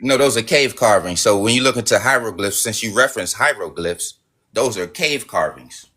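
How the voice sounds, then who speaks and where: A man's voice: on the low side, lively intonation, moderate pace, bright, forceful tone, breathy edge. A man hosting a live stream debate, insistent and repetitive, pushing his argument. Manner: insistent, repeating himself, pushy. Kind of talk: casual debate.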